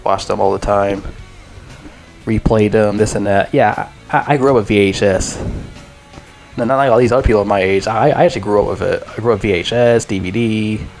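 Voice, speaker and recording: A man in his twenties talks through a film in a loose, rambling way, swearing freely and giving blunt opinions. His voice sits fairly low. Faint music plays behind him. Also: fairly even intonation, a little fast, darkish tone. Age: 20s. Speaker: movie reviewer. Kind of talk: casual vlog review.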